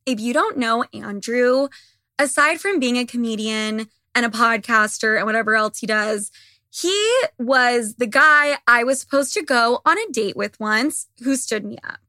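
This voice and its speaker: A woman's voice: fairly high pitch, expressive, a little slow, bright, forceful tone, no echo, clean studio sound. A young woman hosting a podcast, ranting candidly and swearing freely in a casual monologue, her voice a little worn. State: slightly losing her voice. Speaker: podcast host.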